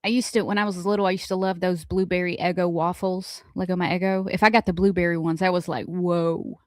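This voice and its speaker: A woman co-hosting a morning radio show, playful and quick to laugh. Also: on the low side, little pitch movement, no room sound, studio quality. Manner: giggly, playful, chatty. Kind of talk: casual radio banter.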